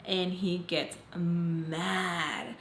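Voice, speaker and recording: A woman's voice: fairly low pitch, little pitch movement, drawn-out words, a bit bright. Candid woman telling a storytime, roomy echo. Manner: emphatic, candid storytelling with blunt swearing. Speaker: vlogger. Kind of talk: storytime vlog. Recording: roomy echo, faint background noise.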